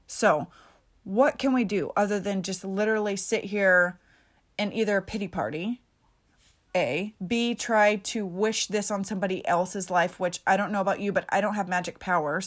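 Woman host of a solo pep-talk podcast; casual, emphatic, a little salty. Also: medium pitch. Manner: emphatic, casual and chatty, peppered with mild swearing.

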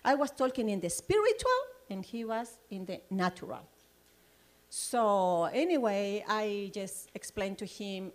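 A woman leading a Bible study, sharing her personal testimony in a lively, rambling way and laughing often. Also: mid-range voice, a little slow. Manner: loose, rambling phrasing.

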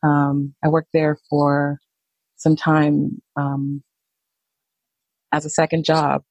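A woman, a nurse, slowly telling her own story in a halting, reflective way. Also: sits low, monotone, darkish tone, dry recording, poor audio. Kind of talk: personal storytelling.

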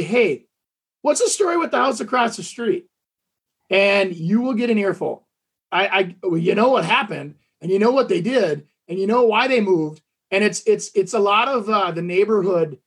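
A man's voice: high-pitched, a bit bright. A man co-hosting a casual podcast chat, a talkative storyteller with lots of fillers and restarts. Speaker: podcast co-host.

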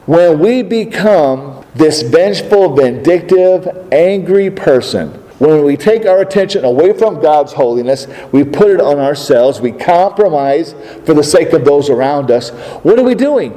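A man preaching a sermon in a fairly high, mellow voice. He fires rhetorical questions at his listeners and acts out the voices of biblical figures. A long reverb trails behind every phrase. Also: lively intonation, a little slow.

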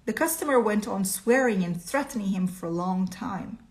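Expressive woman reading a story aloud. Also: medium pitch, moderate pace. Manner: expressive, asks listeners questions. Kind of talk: storytelling lesson.

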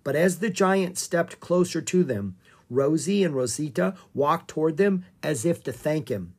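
An audiobook narrator reading a children's story aloud in a calm, expressive way. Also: medium pitch, measured pace, slightly rough.

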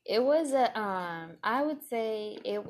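A young woman chatting casually with her fiancé, soft-spoken and laughing often as she corrects his version of events. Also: fairly high pitch, expressive, slow pace. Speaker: co-host, fiancée. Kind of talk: casual couple chat.

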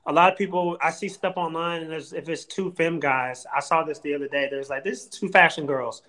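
Man, podcast co-host, slightly high voice, animated, emphatic, slangy casual chat. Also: fairly quick, poor audio.

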